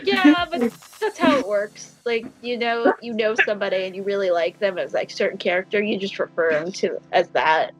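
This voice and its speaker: A woman's voice: mid-range voice, expressive, normal speed, few pauses, rough recording. A young woman co-hosting a casual podcast chat, playfully indignant and swearing for comic effect. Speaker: podcast co-host.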